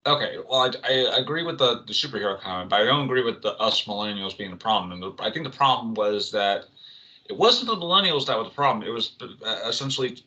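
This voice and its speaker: A man's voice: mid-range voice, lively intonation, fast talker, bright, forceful tone, muffled recording. A man co-hosting an entertainment podcast, talking casually with lots of restarts and fillers. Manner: rambling, many restarts and fillers. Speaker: co-host.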